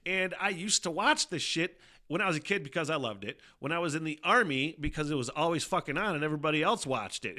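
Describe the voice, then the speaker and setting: Guy hosting a solo podcast, gravelly voice, bright edge, swears a ton and rambles. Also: medium pitch. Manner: rambling and profane, with frequent fillers and laughs. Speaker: podcast host. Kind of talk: casual solo podcast monologue.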